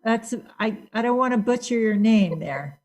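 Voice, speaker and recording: A woman's voice: fairly high pitch, animated, normal speed, a little mellow. A woman moderating a casual group video call, greeting and calling on each participant by name in a friendly way. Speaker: discussion moderator.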